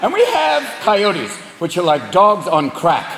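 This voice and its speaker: A man doing stand-up comedy on stage, profane and animated, shouting punchlines. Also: high voice, measured pace, creaky, heavy background noise. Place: large venue with audience. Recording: echoey hall, loud crowd laughter.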